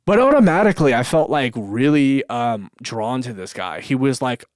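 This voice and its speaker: A man's voice: mid-range voice, expressive, moderate pace, no room sound, clean studio sound. A man telling a story in a loose, rambling podcast monologue, swearing often and full of fillers. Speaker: podcast host. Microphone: camera mic.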